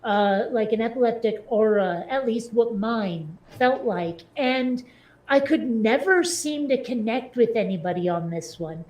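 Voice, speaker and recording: A woman's voice: a little high, a little slow, darkish tone, reverberant. A woman in casual chat with a wry, self-deprecating manner.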